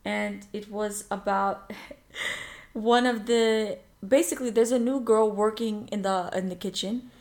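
A woman's voice: medium pitch, steady tone, measured pace, darkish tone. A woman co-hosting a podcast as a language learner, chatty and teasing in a casual lesson chat.

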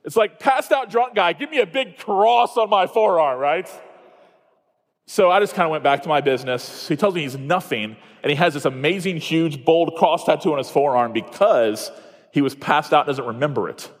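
Chatty preacher in an echoey hall. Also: male voice, on the high side, animated. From Iowa, USA. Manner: chatty, self-mocking, quick asides and restarts. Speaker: conference speaker. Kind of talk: storytelling sermon.

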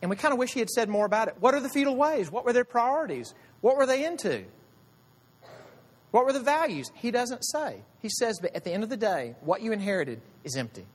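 A pastor preaches in a conversational way, firing off rhetorical questions to his congregation. His pitch rises and falls with a lot of life, sitting a little high for a man. The sound carries a long reverb from the church hall. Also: very animated, a little fast. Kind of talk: sermon.

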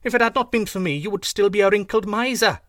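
A man doing a huffy storybook goose, pitched well above his normal voice and loud enough to snap. It is cross, proud and quick to take offence, and it stays clipped and dry in the ear. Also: no room sound. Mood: angry. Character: indignant pet goose, quick-tempered.

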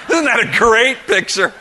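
Bright-voiced male pastor preaching. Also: very high voice, a little hiss or hum. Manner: lively, emphatic preaching with humor. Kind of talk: sermon.

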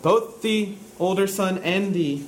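A male pastor delivering a sermon in a somewhat high voice. He swings between calm explanation and loud, climbing emphasis. A faint hum sits under the recording. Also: slow, rough recording. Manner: rises to loud, high-pitched emphatic preaching.

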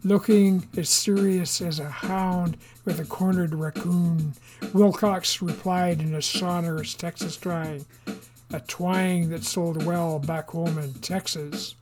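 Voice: medium pitch, steady tone, unhurried, darkish tone, soft background music. A narrator reading a satirical political story in a wry, dry storytelling manner. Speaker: audiobook narrator. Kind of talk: scripted narration.

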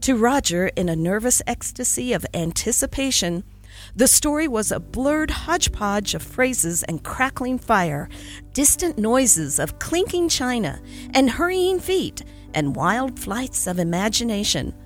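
A woman narrating a classic holiday story in an expressive, storytelling reading. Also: a little high, unhurried, soft background music.

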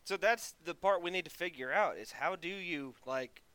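Laid-back man with a bright, high voice. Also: moderate pace, clean tone, dry recording. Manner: laid-back, laughs mid-sentence, trails off when unsure. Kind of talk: casual chat, laying out a comic story.

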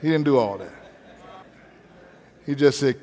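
A man's voice: mid-range voice, lively intonation, a little slow, warm tone, in a large hall. A male pastor preaching a sermon with an emphatic, repetitive cadence.

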